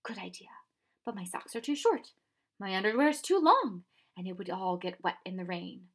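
Lady reading as a loud eccentric old professor guy, blustery, bit gravelly, storybook. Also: mid-range voice, big pitch swings, normal speed. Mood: cheerful. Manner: exuberant and blustering.

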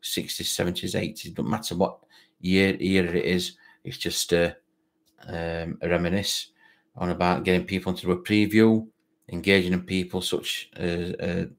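A low-voiced man with a broad Barnsley Yorkshire accent hosts a football fan live stream. He chats casually, reads out viewers' comments and rambles, repeating words and leaning on fillers. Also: little pitch movement, normal speed, vocal fry.

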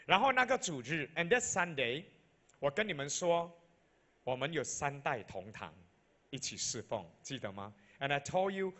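A fairly high-pitched man with a Malaysian accent preaches a bilingual sermon as a pastor. He repeats each point in two languages, building up to loud, emphatic peaks.

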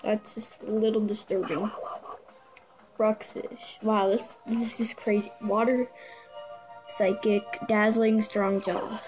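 A woman giving casual reaction commentary, excitable, stumbling over names and laughing at herself. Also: medium pitch, slow pace, soft background music, low-quality recording. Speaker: video creator.

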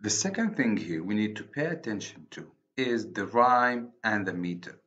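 A man with an Arabic accent, a native Arabic speaker, giving a university literature lecture, deliberate and repeating and rephrasing his points. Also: lowish voice, expressive, a bit bright. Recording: dull lo-fi recording.

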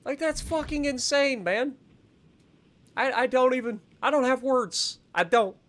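A man's voice: extremely high pitch, measured pace, a bit bright. A man streaming a naval battle game live, ranting with heavy swearing and dry sarcasm about his bad luck. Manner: profane, exasperated ranting with sarcasm. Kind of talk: live gameplay commentary.

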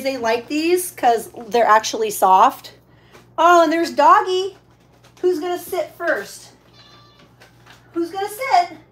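A woman's voice: high voice, fairly bright tone. A woman hosting a casual live shopping stream. She is chatty, thanks each buyer and stops to coo at her pets.

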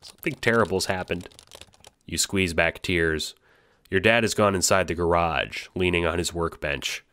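A man narrating an audio drama in the second person, moving between hushed dread and panicked cries. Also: deep voice, moderate pace, a little hiss or hum. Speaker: narrator and voice actor.

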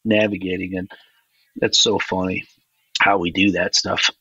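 A middle-aged pastor talks as a guest on a podcast, his voice bright with a husky grain. He agrees warmly and laughs easily, and the recording is dry and close. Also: low voice, level tone, no room sound, muffled recording. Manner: warm, affirming, quick to agree and laugh. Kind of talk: casual conversation.

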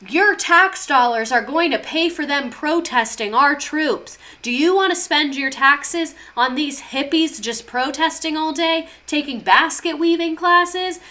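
Brief: woman lampooning an older male politician, slow, shrill and exaggerated in his scorn. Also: expressive, a bit bright, heavily acted. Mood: mocking outrage. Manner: mocking, exaggerated outrage.

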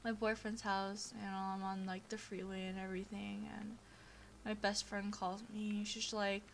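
A woman's voice: mid-range voice, level tone, a little slow, a little hiss or hum. A young woman giving casual, chatty commentary over a video game playthrough, easily distracted and full of fillers, on a home computer microphone. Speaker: gameplay commentator.

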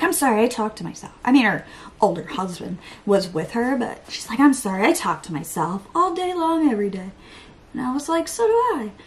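This young woman's voice is a little high, and the audio is poor as she casually chats through a makeup tutorial. A beauty vlogger, she's self-deprecating, talks to herself and occasionally lowers her voice to a whisper.

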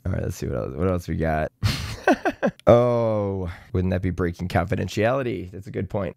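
A man hosting a comedy channel, reading Reddit posts aloud with sardonic, profane, deadpan asides. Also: deep voice, moderate pace, creaky, dry recording, clean studio sound. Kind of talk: sarcastic comedic commentary.

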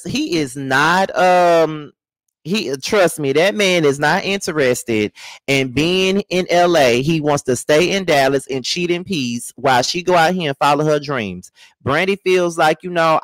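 Guy doing a reality tv recap, sassy and blunt, kinda high voice. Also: no room sound. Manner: sassy, blunt, emphatic, fond of slang. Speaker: reality TV reviewer. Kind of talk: casual recap commentary.

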